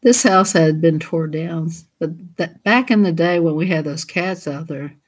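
A woman's voice: low-pitched, unhurried, husky. A woman who hosts a coloring channel chats casually while she colors. She giggles a lot and keeps slipping into silly voices.

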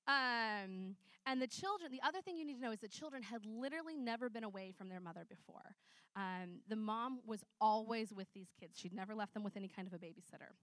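A woman preaching a conversational sermon, telling stories in a chatty, animated way with many fillers. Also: fairly high pitch, brisk, no room sound.

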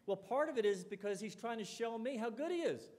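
A man's voice: very high voice, animated, a little fast, a little mellow. A middle-aged man giving a conversational talk to an audience, telling stories and acting out the dialogue in them. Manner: conversational, storytelling, acts out quoted dialogue. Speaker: college president giving a talk. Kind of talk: public speech with anecdotes. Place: lecture hall or dining hall. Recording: long hall reverb.

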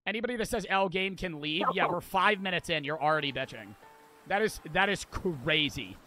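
A young male streamer riffing over gameplay, crude, joking and quick to curse. His voice is high for a man. Game music sits clearly under his talk. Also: lively intonation, pushed and bright. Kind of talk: live gameplay commentary.

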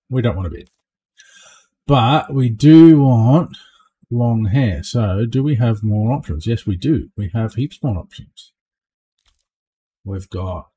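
A man's voice: lowish voice, mellow, husky. A man chatting casually while he plays a game on stream, joking along and often ending lines with a questioning "eh?". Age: adult. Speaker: streamer playing a space game. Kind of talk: casual gameplay commentary.

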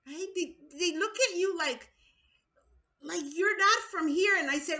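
A woman's voice: very high voice, measured pace, sharp tone. A woman preaching in a video sermon, urgent and pleading, often repeating her words.

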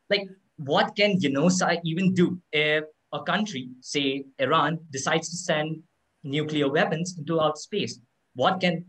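A man's voice: a little high, a bit bright, poor audio. A young man, a student debater, earnestly making his case in a casual, filler-laden way on a video call. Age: teenager or young adult. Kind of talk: live debate rebuttal. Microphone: computer mic on a video call.

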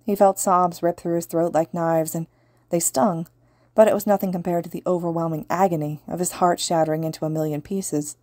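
A woman reads a fan fiction audiobook in an earnest, steady voice. Her pitch sits low, and the room sounds dry and close. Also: brisk, dry recording. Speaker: podfic reader.

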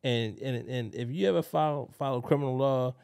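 A man's voice: mid-range voice, fairly quick, vocal fry, a little mellow, clean tone, no room sound, clean studio sound. A man co-hosting a podcast in a laid-back, profane way, laughing often. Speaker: podcast co-host. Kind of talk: casual chat.

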